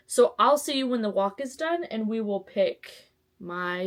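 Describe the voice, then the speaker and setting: A woman's voice: fairly high pitch, expressive, moderate pace. Chatty young woman vlogging at home. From Texas. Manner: chatty and self-mocking, with sudden squeals and whispered asides. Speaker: book vlogger. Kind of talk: casual vlog chat.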